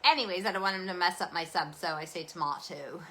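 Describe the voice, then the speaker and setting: Canadian woman, host, meandering casual chat, bright forceful tone, slightly low pitch. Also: fast, slight background noise, rough recording. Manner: chatty, meandering, self-deprecating. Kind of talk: casual rambling livestream chat.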